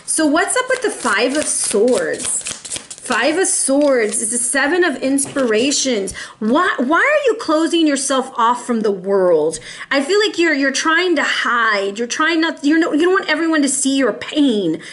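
A tarot reader with a fairly high voice gives a casual reading at a measured pace, chatting with viewers she calls y'all. Her delivery is loose and animated, sprinkled with the occasional Spanish word.

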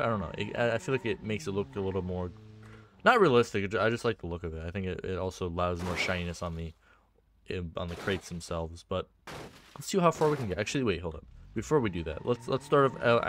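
A man's voice: on the low side, slight background noise. A man giving casual, rambling gameplay commentary on a map he built, upbeat and full of fillers and restarts. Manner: upbeat and easily excited. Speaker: game map creator and video creator.

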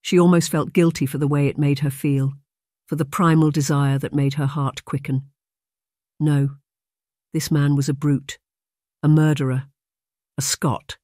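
Measured audiobook narrator, dry sound. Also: mid-range voice, flat delivery, darkish tone, no room sound. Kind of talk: scripted romance narration.

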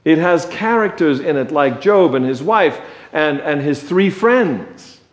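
A male preacher giving a sermon in a conversational, joking way, slow and deliberate, in a church. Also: on the high side, animated. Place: church sanctuary. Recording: echoey church sanctuary.

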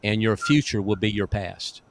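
A male pastor with a lowish voice tells deliverance stories in a folksy, emphatic way. He chuckles often as he talks. His preaching comes across as plain and conversational. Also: normal speed, a little hiss or hum.

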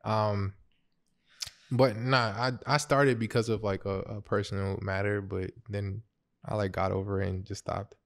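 A podcast host chatting casually, relaxed and a little hesitant, with restarts as they tell a story. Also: low voice, a little slow, no room sound, studio quality. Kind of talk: casual chat.

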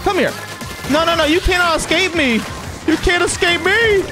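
A game streamer giving excitable, chatty live commentary on a match and talking to viewers in chat. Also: extremely high pitch, normal speed. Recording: game music playing behind the voice.

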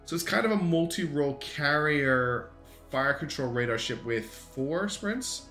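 His pitch is fairly high and his tone sharp, and he talks a little slowly but animatedly while streaming reviews of community-made game designs. The commentary is casual and chatty, with lots of ums and restarts as he thinks aloud. The audio has roomy echo and faint guitar music in the background.

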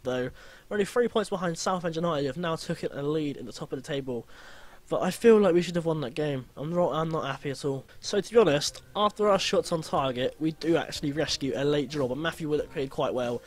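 A young man giving lively, blunt gameplay commentary, grumbling and swearing at his team. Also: fairly high pitch.

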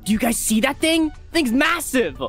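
A gaming host chatting over a voice chat mic with friends, panicking loudly, screaming and joking crudely. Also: high-pitched, animated, normal speed, soft background music. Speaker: channel host playing with friends. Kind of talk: excitable gaming commentary.

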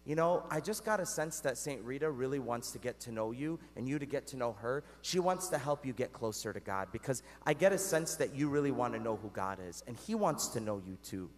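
A priest voicing a gentle young woman. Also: mid-range voice, animated, a little fast, hardly any pauses, voice pushed down, close to an everyday voice. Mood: tender. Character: gentle, earnest young woman speaking of faith. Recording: long church reverb.

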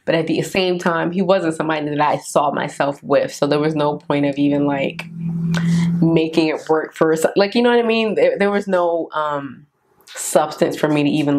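A young woman vlogger telling a candid storytime about her dating life in a casual, animated way, acting out both sides of the conversation. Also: low voice. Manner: candid and animated, quotes others in raised voice. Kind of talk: storytime vlog, casual chat.

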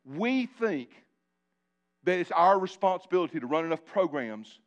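A man preaching a live sermon in church, animated and joking with his congregation, calling on them directly. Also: sits high, moderate pace. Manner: animated, talks directly to the congregation with asides and jokes. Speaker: pastor. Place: church sanctuary before a congregation.

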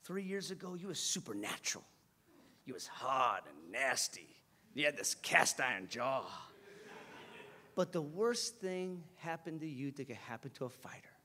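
A man acting out a blunt, gruff old male boxing trainer with slangy street talk, telling a movie scene in a sermon. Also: fairly high pitch, expressive, normal speed, few pauses, bright, forceful tone, pitched below the performer's own voice, exaggerated voice. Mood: low, grave.

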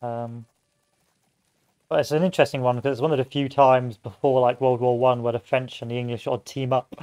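A man's voice: mid-range voice, level tone, a little fast, a little mellow, clear, resonant tone. A man giving casual gameplay commentary, rambling off into history tangents and joking asides. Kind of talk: casual let's-play commentary.

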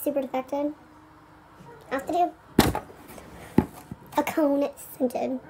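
A careless, lazy girl squishy seller, played by a woman who mutters to herself and shrugs off every mistake. Her voice sits very high. She talks in an offhand, couldn't-care-less way. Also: fairly even intonation, takes it slowly, very noisy.

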